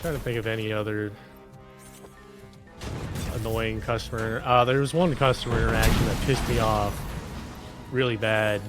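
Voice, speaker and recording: A man's voice: on the low side, steady tone, normal speed, pauses often, music in the background. A man chatting casually over gameplay, telling rambling stories, swearing and laughing often. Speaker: streamer co-host telling work stories.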